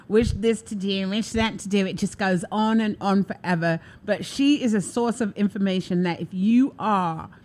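A woman hosting a casual live-stream talk show, gushing and chatty as she talks to her viewers. Her voice sits at an ordinary middle pitch, and she keeps everything upbeat and enthusiastic. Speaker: show host. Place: New York City.

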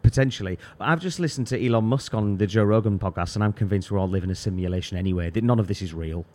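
Dry man with a low voice. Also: fast, darkish tone. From United Kingdom. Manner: dry, wry humor. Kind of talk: casual chat.

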